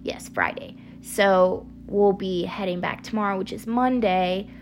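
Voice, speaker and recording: A woman's voice: medium pitch, steady tone, measured pace, slight background noise. A young woman hosting a casual solo podcast, chatty and rambling, laughing often, with a slight picked-up Southern twang. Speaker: podcast host.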